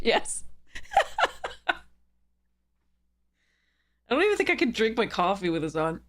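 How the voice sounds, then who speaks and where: A woman's voice: mid-range voice, very animated, takes it slowly, long pauses. A woman streamer chatting casually on a live stream, bubbly and giggly, rambling with frequent laughter. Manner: rambling, with many fillers and restarts. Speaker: streamer and content creator.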